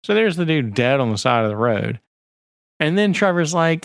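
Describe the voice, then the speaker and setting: A man co-hosts a casual podcast, rambling, cursing and reading screen prompts aloud. His voice has a gravelly fry, it sits at an ordinary middle pitch, and the mic is close and dry. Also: expressive, brisk, no echo. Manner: rambling, profane, reads screen text aloud. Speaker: podcast co-host. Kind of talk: casual chat.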